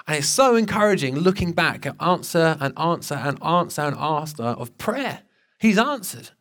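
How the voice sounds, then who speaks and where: A man preaches to his congregation, speaking in a fairly high, lighter register. His delivery is earnest and conversational, full of restarts as he tells a personal story. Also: animated, moderate pace, fairly bright tone. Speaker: pastor. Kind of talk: sermon.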